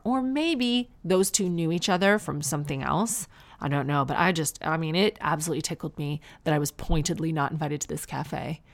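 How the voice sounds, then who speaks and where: A Canadian woman in her thirties chatting on her own in a relaxed monologue. Her voice sits fairly low with a gravelly, fried edge. Her humor is dry and self-mocking. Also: moderate pace. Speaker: podcast host and new mother. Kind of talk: casual monologue.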